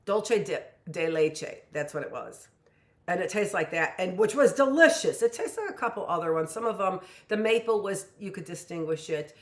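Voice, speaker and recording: A woman's voice: fairly low pitch, animated, normal speed, roomy sound. Chatty woman in her fifties, rambling. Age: 50s. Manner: rambling, chatty, lots of "you know". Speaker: teacher. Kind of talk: casual live-stream lesson. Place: home kitchen.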